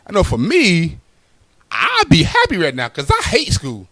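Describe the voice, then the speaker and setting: Animated male comedian, dry close sound. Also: high voice, moderate pace, no room sound. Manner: loose, conversational, tags lines with "right?". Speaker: stand-up comedian. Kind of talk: stand-up storytelling.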